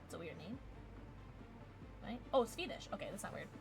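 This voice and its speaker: A woman streamer chatting casually while playing, giggly and chatty, quickly excited. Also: mid-range voice, gravelly, over music. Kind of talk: casual gaming livestream chat.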